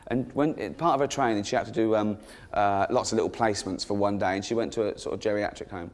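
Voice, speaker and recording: English stand-up comic telling a story. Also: male voice, lowish voice, quick pace, big-room sound. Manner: giggles through punchlines, acts out quoted voices. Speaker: stand-up comedian. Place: live comedy stage before an audience.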